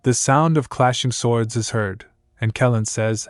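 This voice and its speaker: A man reading a scripted story recap in a flat, even, somewhat stiff way. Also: mid-range voice, normal speed, no room sound, clean studio sound, faint music behind. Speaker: narrator. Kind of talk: scripted manhwa recap narration.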